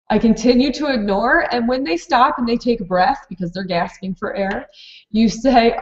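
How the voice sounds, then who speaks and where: A woman's voice: fairly high pitch, moderate pace, roomy sound, dull audio. Woman leading a teacher-training webinar. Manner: practical, explanatory, with frequent fillers and restarts. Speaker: preschool program director presenting a training webinar. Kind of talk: live online teacher training talk.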